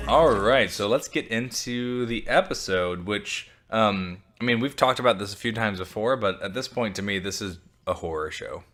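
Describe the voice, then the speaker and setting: A man's voice: lowish voice, moderate pace, few pauses, a bit bright, faint music behind. A man co-hosting a podcast from home, chatting casually with jokes, self-mockery and casual swearing. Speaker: podcast co-host. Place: home, dog on the couch beside him.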